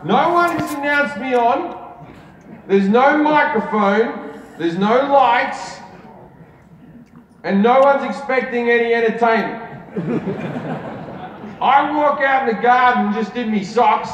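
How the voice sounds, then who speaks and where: A man's voice: very high voice, expressive, slow, long pauses, slight background noise. A man doing stand-up, telling a long story in a conversational, swearing style, recorded live on a large arena stage. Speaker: stand-up comedian. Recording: distant, echoey arena with loud crowd laughter. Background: crowd laughter.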